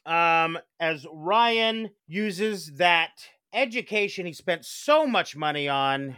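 A man's voice: a little high, expressive, slow, bright, forceful tone, clean tone, no room sound, clean studio sound. A man co-hosting a casual podcast, enthusiastic and chatty, often restarting his sentences. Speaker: podcast co-host.

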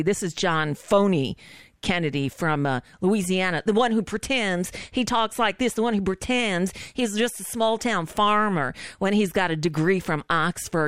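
A woman's voice: lowish voice, smooth, dry recording, clean studio sound. Indignant woman talk-radio host. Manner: sarcastic, indignant, quick asides. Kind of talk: political talk radio commentary.

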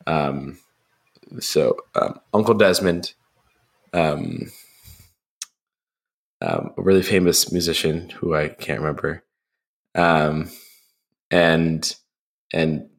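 A man's voice: low voice, animated, takes it slowly, gravelly, long pauses. A young man co-hosting a podcast, chatting casually about a film with many ums and restarts, acting out lines. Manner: rambling, lots of ums, acts out film lines in a raised voice. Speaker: podcast co-host.

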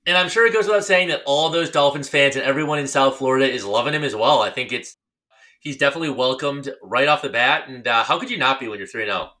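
A young man co-hosting a sports podcast, chatting in a relaxed, slightly rambling way. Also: medium pitch, quick pace. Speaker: podcast co-host. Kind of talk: casual sports chat.

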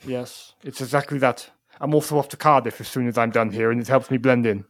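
A man voicing Santa Claus with a put-on Welsh accent, giving solemn, measured warnings. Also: mid-range voice, fairly even intonation, a bit bright, dry recording, natural voice. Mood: grave.

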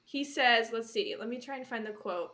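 A woman's voice: on the high side, moderate pace, sharp tone, slight background noise. A woman co-hosting a chatty podcast, gushing about a book with many "um"s and "like"s and frequent giggles. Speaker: podcast co-host. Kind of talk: casual chat.

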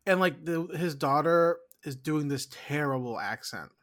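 A man's voice: fairly high pitch, a little slow, a bit bright. A man co-hosting a podcast in casual chat, emphatic and profane, rambling through his points. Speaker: podcast co-host.

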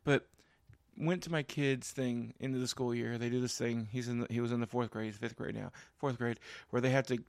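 Male co-host, stammering, animated storyteller, mid-pitched, dry close sound. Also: brisk, gravelly, dry recording. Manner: stammering restarts, animated when telling stories. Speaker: podcast co-host and parent. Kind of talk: casual chat, storytelling.

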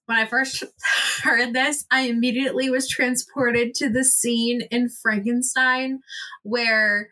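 A young woman chats casually as a player in a tabletop game, swearing and reacting out loud. Her voice is bright and a bit high, and she takes her time. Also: little pitch movement, takes it slowly. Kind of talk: casual role-play chat.

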